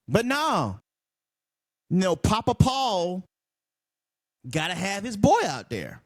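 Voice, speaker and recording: A man ranting in a wrestling commentary video, heated and full of swearing. He rambles and repeats himself. His voice sits high and swings up and down a lot. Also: huge pitch swings, slow, pauses often. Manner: heated, profane, rambling and repetitive.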